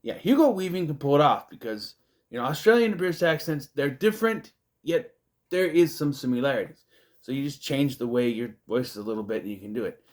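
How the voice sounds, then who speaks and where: A man's voice: medium pitch, animated, brisk, a little mellow. Chatty man reviewing a movie. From United States. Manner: rambling, chatty and self-deprecating, with asides.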